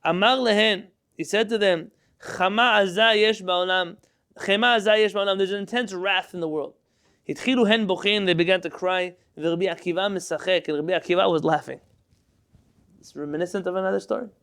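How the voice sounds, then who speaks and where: Male Torah teacher, high and gravelly, reads Hebrew and translates briskly while quizzing the class. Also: fairly bright tone. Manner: reads Hebrew text aloud and translates line by line into English; quizzes students with questions.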